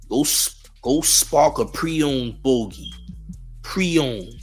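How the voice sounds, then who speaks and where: A man's voice: mid-range voice, a little slow, soft background music. Slangy, mocking male commentary host. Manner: slangy, mocking, riffs and repeats phrases. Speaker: host of a news commentary channel. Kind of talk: casual commentary on celebrity news.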